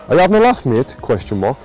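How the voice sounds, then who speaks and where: A man in his thirties with a warm, mellow Sunderland accent, chatting to camera outdoors in a football stadium. He talks casually and turns emotional easily, with a self-mocking humour. Faint music plays behind him. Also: mid-range voice. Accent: Sunderland (Mackem). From Sunderland, England. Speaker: boxing coach and vlogger. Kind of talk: casual vlog talk.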